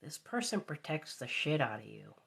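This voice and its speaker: A woman's voice: very deep voice, sing-song, normal speed, creaky, fairly bright tone, husky. A woman giving a live tarot reading, repeating her phrases and sometimes dropping into a whisper. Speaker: tarot reader.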